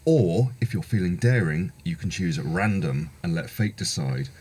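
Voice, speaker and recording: A man voicing a cheeky, bossy male AI game master in a brisk announcing manner, over a noisy recording. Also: deep voice, a little mellow, voice pushed down, lightly acted.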